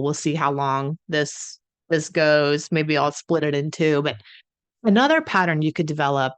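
A woman addiction consultant talking conversationally to her audience, often clearing her throat, her voice a little croaky. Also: deep voice. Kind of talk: solo talk to camera.

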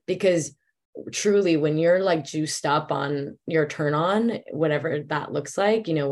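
A woman speaking as a coach and podcast guest in a casual talk, reflective and searching, often repeating words as she gathers her thoughts. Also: sits low. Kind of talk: casual conversational interview.

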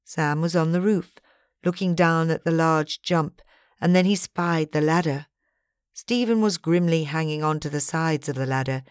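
A woman giving a measured, even scripted narration of an audiobook. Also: sits low, clean tone, no echo, clean studio sound.

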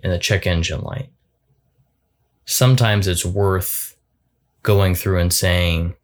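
A man giving a reflective solo talk as a coach, thoughtful and halting, often repeating words as he goes. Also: sits low.

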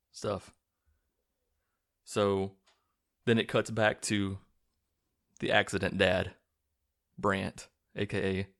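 A man's voice: sits low, vocal fry. A young man hosting a casual podcast, recapping a film in a loose, sardonic way with plenty of swearing and silly quoted voices. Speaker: podcast host.

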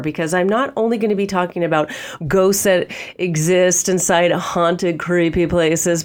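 A woman hosting a podcast, talking off the cuff in a chatty way with a nasal voice from a head cold, often checking in with "okay?". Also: lowish voice. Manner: chatty, frequent "okay?" check-ins, laughs easily. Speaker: podcast host. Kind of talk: off-the-cuff spiritual podcast monologue.

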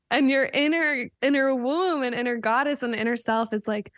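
A woman's voice: a little high, normal speed, no echo, clean studio sound. Earnest woman hosting a spiritual talk. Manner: earnest, spiritual, swears casually. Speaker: podcast host. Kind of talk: casual conversation.

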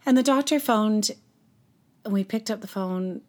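A mother recounting her own story as an interview guest, earnest and halting with frequent restarts. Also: mid-range voice, a little mellow. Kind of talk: personal storytelling in conversation.

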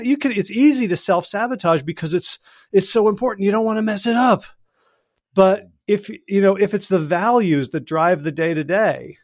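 A man's voice: high voice, a little mellow, no room sound, clean studio sound. A man speaking as a podcast guest and executive coach, chatting casually and reflectively, with frequent chuckles. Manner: reflective, chuckles often, loose storytelling.

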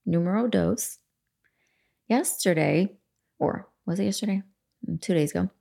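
A woman's voice: lowish voice, creaky, dark tone. A woman in her forties hosting a self-help podcast, talking candidly in a rambling, casual way and swearing freely. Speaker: podcast host. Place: home room facing a lake.

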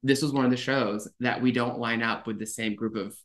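A man's voice: medium pitch, fairly even intonation, brisk, a bit bright. A man who dances ballet, explaining schedules in a matter-of-fact casual chat. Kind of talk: casual conversation.

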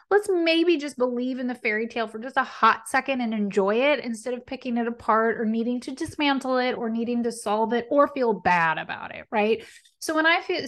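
On her podcast, an upbeat tarot reader with a high-leaning voice talks through casual spiritual guidance with animated encouragement. Affirmations come with conviction, punctuated by frequent "right?" and "okay?"

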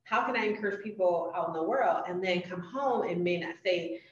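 Brief: woman podcast host, animated storyteller, slightly low voice, recorded far from the mic. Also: a little fast. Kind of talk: casual interview chat. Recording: roomy, distant, muffled podcast audio.

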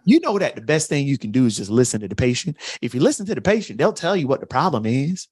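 A man impersonating a laid-back Southern male orthopedic surgeon, speaking with a Southern accent in a plainspoken twang, a bit lower than his own voice. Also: sing-song, fast, a little mellow, husky. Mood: matter-of-fact.

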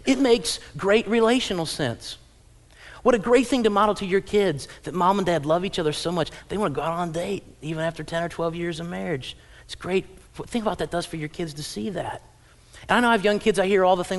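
A man in his thirties preaching a sermon in a church, telling family stories and acting out parents and kids in lively little voices. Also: high-pitched, a little fast. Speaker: pastor. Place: church auditorium.

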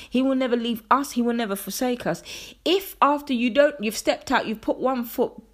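Earnest woman hosting a faith podcast. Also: fairly high pitch. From England. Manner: earnest, conversational, preacherly. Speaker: podcast host. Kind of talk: faith-based solo podcast talk. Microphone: podcast microphone.

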